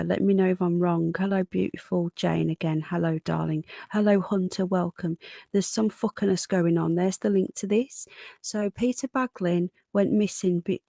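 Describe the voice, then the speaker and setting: A woman from Birmingham with a slight Yorkshire twang, hosting a casual livestream and greeting viewers warmly as darling and hon. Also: mid-range voice, gravelly, no room sound, studio quality. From Sutton Coldfield, Birmingham, England. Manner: chatty, calls viewers darling and hon, frequent restarts. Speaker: livestream host. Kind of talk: casual live-stream chat reading out comments. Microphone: desk microphone with gain turned up.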